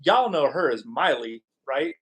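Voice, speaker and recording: A man's voice: mid-range voice, sing-song, measured pace, a bit bright, husky. A man from California hosting a live stream, chatting casually and jokingly with viewers. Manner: rambling and jokey, reacting to chat. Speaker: podcast host.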